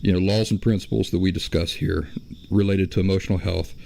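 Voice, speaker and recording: A man hosting a solo podcast, explaining his views in a measured way and often stopping to correct himself. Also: sits low, steady tone, vocal fry, darkish tone. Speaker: podcast host.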